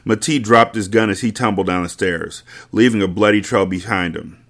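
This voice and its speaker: A man with a fairly low voice reading a novel aloud in a casual way. He stops often for blunt, swearing asides to his listeners. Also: normal speed, a bit bright. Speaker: podcast host reading a novel. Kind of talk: casual read-aloud with commentary.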